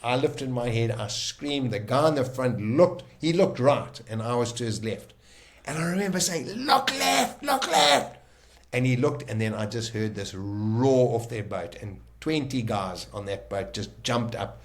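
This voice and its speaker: A South African man, a podcast guest, vividly retelling a dramatic survival story in the first person, emphatic and quick to restart his sentences. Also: medium pitch, darkish tone, slight background noise.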